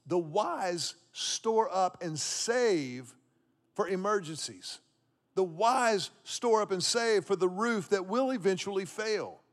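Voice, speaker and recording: A man's voice: high voice, lively intonation, slow. A man in his fifties from Texas, preaching a sermon to a congregation and repeating key phrases for emphasis. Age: 50s. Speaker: pastor. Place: church auditorium with congregation.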